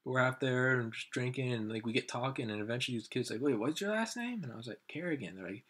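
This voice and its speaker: A young man chats casually on a podcast, at a middle pitch. He rambles through long anecdotes and puts on his friends' voices as he quotes them. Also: fairly even intonation, quick pace, fairly bright tone. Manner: rambling storyteller who acts out friends' lines. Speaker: podcast co-host. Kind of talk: casual chat.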